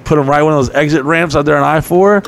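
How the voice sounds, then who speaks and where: A man's voice: fairly high pitch, quick pace, vocal fry. A man casually telling long, profane stories on a podcast, laughing as he goes. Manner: profane, rambling, laughing storyteller. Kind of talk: casual storytelling chat.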